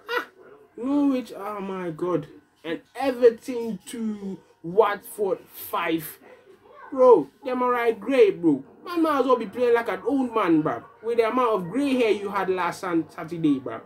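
A young man giving an animated, exasperated rant as a football fan vlogger, repeating his phrases and swinging between loud and soft. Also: high-pitched. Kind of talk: casual ranting review.

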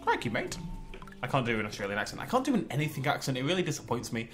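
Lively northwest English gamer man. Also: mid-range voice, rapid-fire, faint music behind. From northwest England. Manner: chatty, exclaiming, talks to himself while playing. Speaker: gaming channel host. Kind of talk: let's play commentary.

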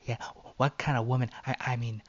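A man's voice: medium pitch, steady tone, fast talker, a little mellow, no echo, muffled recording, natural voice. A man voicing a cruel, mocking teenage girl bully who switches to a whiny fake-cute tone. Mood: vicious. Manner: taunting, fake-cute whining.

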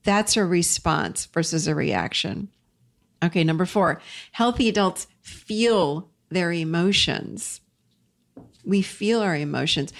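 A middle-aged woman hosting a self-help show, talking earnestly through a numbered list of points. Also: mid-range voice. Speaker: podcast host.

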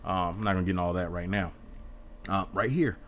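A man's voice: low voice, quick pace, a little hiss or hum. A man teaching an informal Bible study in an earnest, defensive way, reading passages aloud and explaining them.

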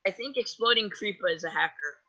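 A man's voice: high voice, fairly quick, pushed and bright, highs cut off. A man chatting goofily while playing a video game with a friend. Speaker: gamer co-host. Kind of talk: casual gaming chat.

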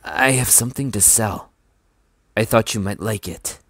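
A man's voice: lowish voice, normal speed, fairly bright tone, no room sound, clean studio sound, voice pushed up. A man reading aloud, voicing a polite, determined young village boy. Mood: earnest. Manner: polite, earnest.

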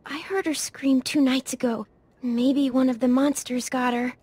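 A woman voicing a scared little girl hiding alone, speaking quietly and timidly. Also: high voice, fairly even intonation, unhurried, husky, no echo.

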